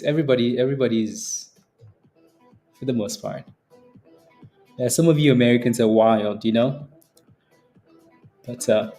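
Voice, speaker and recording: A young adult man with a dark, mid-range voice hosts a live stock trading stream. Reading the chat casually, he teases viewers, laughs often and keeps repeating phrases.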